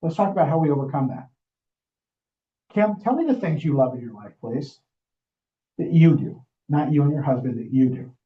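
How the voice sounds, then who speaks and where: A man's voice: mid-range voice, animated, brisk. A man, a real estate trainer, teaching a live class in a training room and often checking in with the audience as he talks. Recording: dull, muffled recording.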